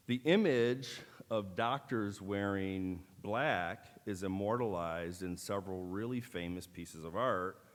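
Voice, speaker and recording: Middle-aged male keynote speaker, lowish voice, deliberate with dry wit, long auditorium reverb. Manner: measured, deliberate delivery with wry asides. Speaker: keynote speaker at a medical school ceremony. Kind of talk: formal ceremonial speech with dry humor. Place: large auditorium.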